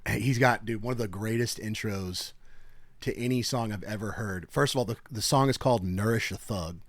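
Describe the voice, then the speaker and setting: A man's voice: on the low side, moderate pace, no echo, clean studio sound. A young man co-hosting a podcast, telling stories in casual chat and acting out the people in them with big voices. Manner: animated storyteller, acts out quoted people loudly. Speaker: podcast co-host. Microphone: podcast mic at a table.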